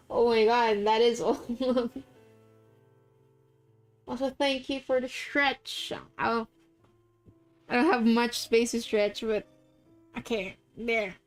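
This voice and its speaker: Bubbly filipina streamer, highish voice, reads the game out loud, little music in the back. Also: female voice, slow, pauses often. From Philippines. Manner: bubbly, gasping and giggling. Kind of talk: casual game stream with narration.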